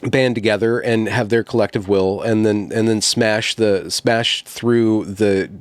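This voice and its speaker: A man hosting a conversational political discussion, speaking haltingly and restarting often as he searches for words. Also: lowish voice, steady tone, no echo. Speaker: host.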